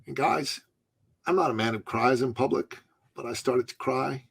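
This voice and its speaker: A middle-aged man, a podcast guest, tells a story with drama and laughter in an animated way. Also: mid-range voice, moderate pace, creaky, slightly rough.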